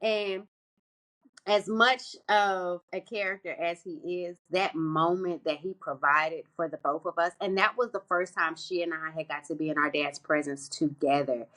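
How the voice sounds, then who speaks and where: Bright-voiced animated woman telling a story. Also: normal speed. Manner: animated, laughs often, voice jumps high for quoted people. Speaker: podcast co-host. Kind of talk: casual storytelling chat.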